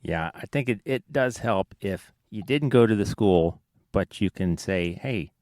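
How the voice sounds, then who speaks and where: A man who hosts a podcast, asking questions in a measured, casual chat. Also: on the low side, animated, darkish tone, no room sound, studio quality. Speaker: podcast host.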